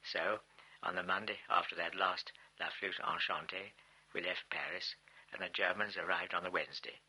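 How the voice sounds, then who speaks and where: A man narrating a first-person memoir as an audiobook, in a measured, reflective storytelling manner. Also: low voice, fairly even intonation, pushed and bright, husky, rough recording.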